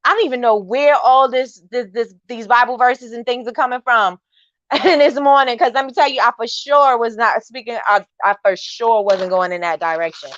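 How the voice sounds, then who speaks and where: A woman's voice: on the high side, normal speed, fairly bright tone, dry recording, lo-fi sound. A woman hosting a morning live stream, giving an encouraging, preachy talk with repeated phrases and reading out viewer comments.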